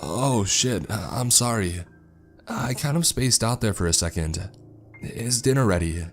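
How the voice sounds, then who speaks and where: A man's voice: fairly low pitch, animated, measured pace, soft background music, voice pushed up. A man voicing a shaken young wife who talks hesitantly and trails off. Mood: flustered.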